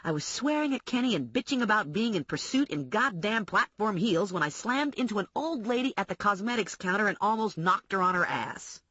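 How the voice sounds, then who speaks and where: Wry first-person audiobook narrator, woman, husky and lively in pitch. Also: a little fast, hardly any pauses, no room sound, lo-fi sound.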